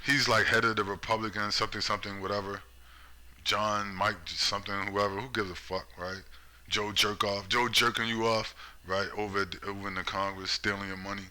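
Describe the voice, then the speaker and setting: A man's voice: fairly low pitch, level tone, a little fast, pushed and bright. A man ranting in a sarcastic, profane, mocking monologue about politics. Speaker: political commentator.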